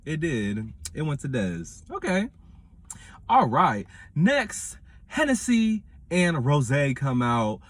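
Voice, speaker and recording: Animated man reviewing reality TV. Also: fairly high pitch, takes it slowly, no room sound. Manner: animated, dramatic retelling with acted-out quotes. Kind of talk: casual video commentary.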